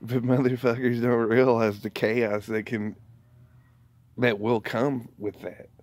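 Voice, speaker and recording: A man's voice: mid-range voice, little pitch movement, slow pace, darkish tone. A man vlogging a casual rant, rambling and profane, often breaking into laughter.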